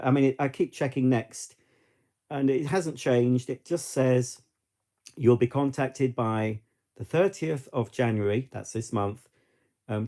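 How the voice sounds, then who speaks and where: This vlogger, a middle-aged man with a British English accent, has a mellow, mid-range voice. He chats to camera in a loose, rambling way, full of asides and frequent restarts.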